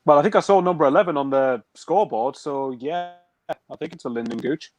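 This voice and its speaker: A man's voice: a little high, lively intonation, a little fast, no room sound. A man co-hosting a fan football stream, giving hesitant, hedged opinions on the match. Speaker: co-host pundit. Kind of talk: casual fan-stream chat.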